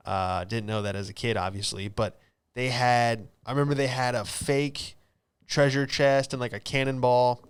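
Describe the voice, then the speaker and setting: A man's voice: medium pitch, fairly bright tone, clean tone. A young man hosting a casual podcast, rambling through stories with loose slang. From Florida. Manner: laid-back, rambling storytelling with slang. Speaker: podcast host. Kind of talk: casual solo podcast chat.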